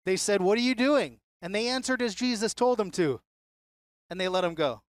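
A Bible teacher talks a class through a passage in an easy, conversational way. The voice sits at a middle pitch and keeps pulling listeners in with rhetorical questions. The recording is dry, with little room sound. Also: lively intonation, moderate pace, dry recording.

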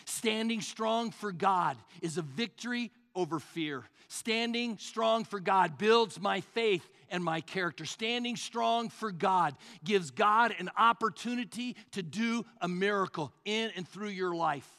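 A male pastor preaching a sermon, swinging between loud, rising passages and hushed, low asides. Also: unhurried, few pauses, in a large hall.

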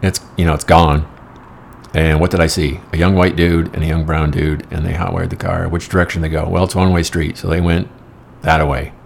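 Brief: middle-aged man, very low gravelly voice, rambling wry storyteller. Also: level tone, fairly quick, slight background noise. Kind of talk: casual anecdotal monologue.

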